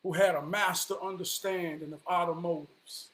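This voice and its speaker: A man, telling a personal story in an animated, vernacular way. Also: high-pitched, normal speed. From Charlotte, North Carolina. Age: 40s. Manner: animated, vernacular, quotes people in dialogue.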